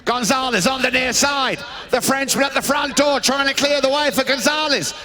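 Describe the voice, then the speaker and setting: A man giving live polo commentary to a crowd, chatty and excitable, shouting out the big plays. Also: extremely high pitch, moderate pace. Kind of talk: live sports commentary over a PA. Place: outdoor snow polo ground.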